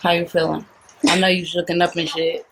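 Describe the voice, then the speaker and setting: Soft-spoken, apologetic young woman vlogger. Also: fairly low pitch, little pitch movement, brisk, noisy background. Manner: soft, apologetic, talks to viewers. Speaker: vlogger, prankster. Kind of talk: casual vlog. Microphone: phone camera.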